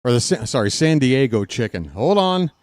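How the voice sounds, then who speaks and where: A man's voice: mid-range voice, big pitch swings, normal speed, darkish tone, no echo, clean studio sound. A man hosting a casual live-stream watch-along, chatty and joking, reading chat aloud, out of breath.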